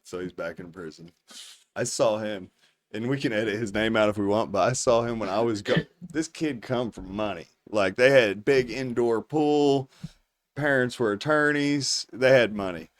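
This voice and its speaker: A man's voice: lowish voice, moderate pace. A man of about forty hosts a podcast and spins a rambling, casual story. His speech is loose and profane, and laughter breaks through as he tells it. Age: 40s. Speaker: podcast host.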